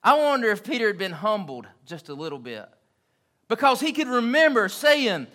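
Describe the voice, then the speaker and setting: A man's voice: sits high, big pitch swings, moderate pace, pushed and bright. A man preaching an evening sermon in an earnest, emphatic way, repeating key phrases for weight.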